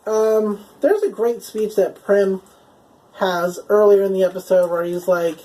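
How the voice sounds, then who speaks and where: A woman's voice: medium pitch, measured pace, dark tone, low-quality recording. A woman giving a casual, enthusiastic spoken recap of a TV episode. She leans heavily on "like" and "um" and swears now and then. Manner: chatty, heavy use of "like" and "um" fillers; enthusiastic, openly emotional. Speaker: TV episode reviewer.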